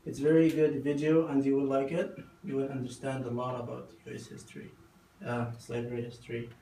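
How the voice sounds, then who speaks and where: A man giving a mini-lesson in a classroom. He explains terms slowly and patiently and asks the class questions. The recording is roomy and distant, with faint background noise. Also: medium pitch, flat delivery, warm tone. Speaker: student teacher. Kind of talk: classroom teaching. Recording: echoey classroom, heard from far off.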